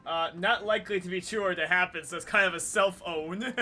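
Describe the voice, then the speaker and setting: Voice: medium pitch, steady tone, fairly quick, pushed and bright, soft background music. A streamer giving wry, jokey commentary while playing a game live. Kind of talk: joking let's-play commentary.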